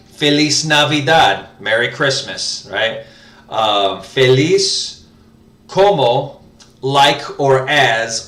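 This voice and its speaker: Slow, hesitant man teaching himself a language. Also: medium pitch, fairly bright tone. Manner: hesitant, many fillers and self-corrections. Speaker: language learner host. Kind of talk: casual spoken lesson, thinking aloud. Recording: roomy, mic at a distance.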